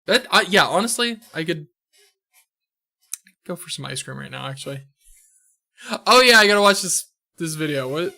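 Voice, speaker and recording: Guy streaming a game, bright tense voice, cussing and joking, a bit high. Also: expressive, normal speed, creaky, pauses often. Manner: loose, swears a lot, jokey. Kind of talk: casual let's-play commentary with read-aloud game dialogue.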